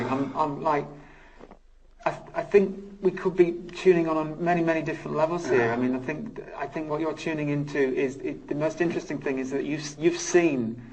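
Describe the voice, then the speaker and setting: A man on a live ghost hunt, acting as psychic medium, with a voice a little higher than most men's. He talks in halting bursts, stumbling over and repeating words. Faint noise hums behind him. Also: distant mic, low-quality recording. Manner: halting, repeats words, speaks of feeling panic and anger. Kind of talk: live paranormal investigation.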